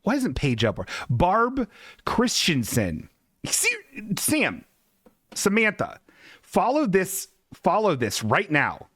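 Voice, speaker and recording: A man's voice: sits high, slow, breathy edge, no room sound, studio quality. A man hosting a comedy show, riffing on pictures with lots of giggling asides. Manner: animated, giggly, riffing on images. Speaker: podcast host. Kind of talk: casual comedic commentary.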